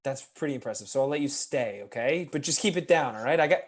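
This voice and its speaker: A man's voice: medium pitch, expressive, quick pace. A man performing live improv comedy in a dry, blunt, mock-stern way.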